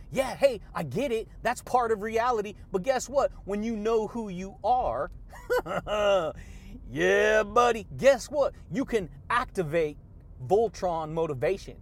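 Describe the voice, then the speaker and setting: Fired-up high-voiced motivational man. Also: expressive, measured pace, creaky. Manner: hyped, shouting catchphrases and laughing often. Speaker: podcast host. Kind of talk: motivational podcast monologue.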